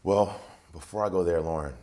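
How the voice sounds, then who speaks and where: A man's voice: low-pitched, a little fast, warm tone. A man, a transition coach and interview guest, tells a personal story in a vivid way and acts out the voices of the people in it. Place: TV interview set.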